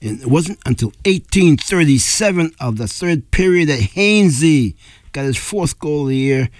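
A male local radio announcer losing his voice, reading sports scores on air in plain, unhurried fashion, clearing his throat now and then. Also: a little high, lively intonation, no room sound. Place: radio studio.

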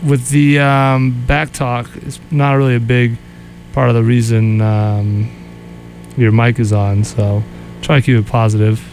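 A man hosting a radio show, talking casually on air. His voice sits in a middle pitch with a faint hum behind it. He jokes dryly and grumbles about his pet peeves. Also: flat delivery, measured pace, a little mellow. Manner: wry, joking, grumbling.

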